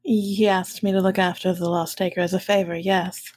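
A woman player speaking in character in a calm, polite and composed way. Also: fairly low pitch, moderate pace, no echo. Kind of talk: in-character role-play.

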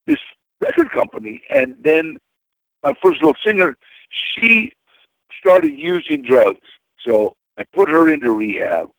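A man's voice: mid-range voice, no echo, rough recording. A man guest in an interview, telling casual stories in a rambling way, with many repeated words and fillers.

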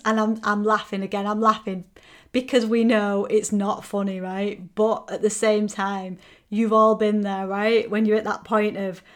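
A woman's voice: medium pitch, measured pace. A woman hosting a motivational podcast, talking frankly and energetically and acting out listeners' complaints. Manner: frank and energetic, acts out quoted complaints, swears casually. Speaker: podcast host and coach.

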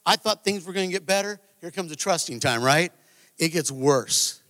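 A man giving a sermon testimony, telling a story that builds to loud, emphatic moments, recorded live in a large church. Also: on the high side, animated, moderate pace. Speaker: guest preacher. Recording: live church hall reverb.

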